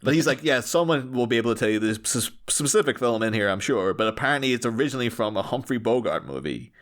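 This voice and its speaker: A man's voice: medium pitch, quick pace. A man co-hosting a podcast, chatting casually and acting out lines with frequent laughs. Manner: animated, laughs often, acts out lines. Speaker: podcast co-host. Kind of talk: casual chat.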